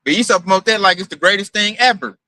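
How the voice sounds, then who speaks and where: A man's voice: sits high, quick pace, bright, forceful tone, no room sound, rough recording. A man preaching in a casual, emphatic and profane way, mocking his targets as he talks.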